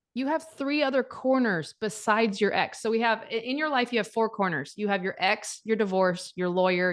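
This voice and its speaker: A woman's voice: medium pitch, fairly bright tone. A woman in her forties, a divorce coach, talking bluntly and emphatically, swearing freely in casual chat.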